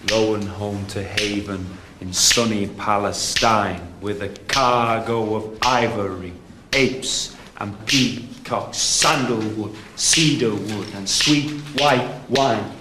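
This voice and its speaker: An actor playing a teacher who recites poetry to his class slowly and rhythmically, then with growing fervour. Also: on the low side, steady tone, roomy sound, noisy background. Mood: measured. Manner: slow rhythmic recitation that builds to loud fervour. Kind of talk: television drama acting.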